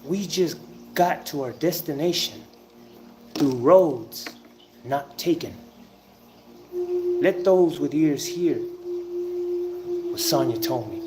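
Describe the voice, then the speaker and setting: A man giving an informal spiritual talk, telling a story emphatically, with drawn-out pauses and the odd curse word. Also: on the high side, expressive. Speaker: self-styled spiritual teacher. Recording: noisy ambient background.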